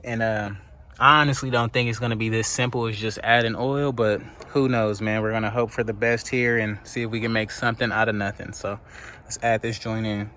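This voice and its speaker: A man's voice: on the low side, little pitch movement, fairly quick, sharp tone. A man filming a casual vlog outdoors on a phone camera, talking loosely with lots of slang and fillers. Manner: laid-back slangy talk, loose fillers. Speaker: car flipping vlogger. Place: outdoors at car lots and roadside. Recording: outdoor phone audio with street noise. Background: traffic and street noise.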